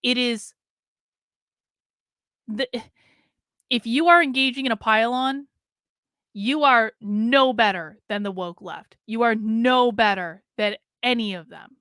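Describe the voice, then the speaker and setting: A woman gives casual reaction commentary to her viewers, blunt and exasperated. Her voice is bright and crisp, with a clean, polished tone. The sound is close and dry, with no room around it. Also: on the high side, no room sound. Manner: blunt, exasperated, lectures the audience directly.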